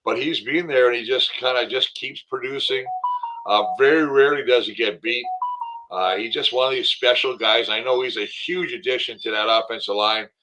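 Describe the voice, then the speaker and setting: Bright, emphatic male football pundit. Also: mid-range voice, moderate pace, soft background music, low-quality recording. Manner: emphatic, enthusiastic, rambling with fillers. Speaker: guest, former football player and commentator. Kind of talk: casual sports talk.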